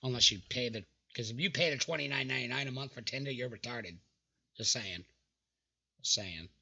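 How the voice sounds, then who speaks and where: A man's voice: medium pitch, brisk, creaky, pushed and bright, slightly rough, highs cut off. A young man hosting casual reaction commentary, mocking dating app messages in an exasperated way and swearing freely. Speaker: channel host reacting to dating app screenshots.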